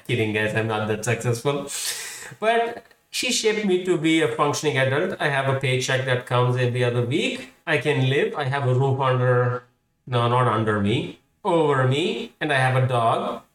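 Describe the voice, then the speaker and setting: A man's voice: mid-range voice, animated, normal speed, a bit bright. Wry man in a roomy space. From India. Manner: wry, self-deprecating, storytelling. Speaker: podcast host. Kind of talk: comedic monologue. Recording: roomy room, distant mic.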